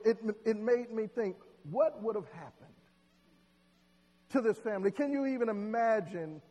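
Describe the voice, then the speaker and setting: A man preaching a sermon, telling a story dramatically and building to loud, emotional peaks. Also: very high-pitched. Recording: long hall reverb.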